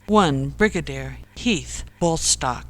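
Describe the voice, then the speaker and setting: An audiobook narrator reading a comic story in unhurried, measured scripted narration. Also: mid-range voice, expressive, fairly bright tone.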